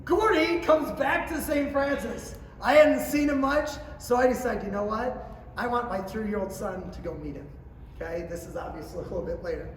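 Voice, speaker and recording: Middle-aged male clinic speaker, high voice, storytelling talk heard from a distance in a big room. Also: slight background noise. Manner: storytelling, acting out quotes, swings from quiet to shouting. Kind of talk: motivational speech to coaches. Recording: roomy hall, distant mic, faint ambience.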